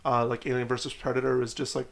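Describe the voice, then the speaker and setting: A man's voice: mid-range voice, flat delivery, quick pace, creaky. A young man in casual podcast chat who jokes around and mimics accents. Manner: joking, puts on silly accents.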